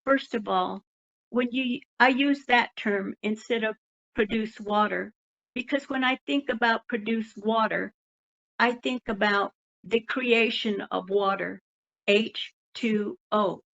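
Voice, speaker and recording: A woman's voice: fairly high pitch, slow pace, vocal fry, a bit bright. Hesitant woman, dull remote audio. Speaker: public commenter. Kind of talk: public comment.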